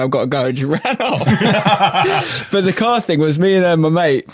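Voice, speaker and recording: Podcast guest: English man, a touch high, dry close sound, lively storyteller. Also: fairly quick, dry recording. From England. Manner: animated, laughing storyteller. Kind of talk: casual storytelling chat.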